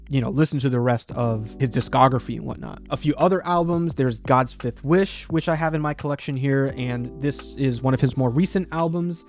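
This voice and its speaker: Casual male host, loose and rambling, soft music bed behind. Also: mid-range voice. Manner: rambling, lots of "you know" fillers. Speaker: music video essay host. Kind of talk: casual talk about music.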